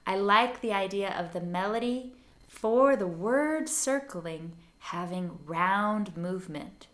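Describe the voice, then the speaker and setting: Casting: female songwriting teacher, unhurried and clear, bright tone, gently sings examples. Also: mid-range voice, expressive. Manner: patient and encouraging, sings short phrases to demonstrate. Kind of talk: gentle step-by-step lesson for learners.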